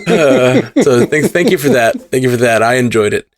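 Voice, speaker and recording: A man co-hosting a casual podcast, bantering and teasing quickly. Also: mid-range voice, lively intonation. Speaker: podcast co-host. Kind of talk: casual chat.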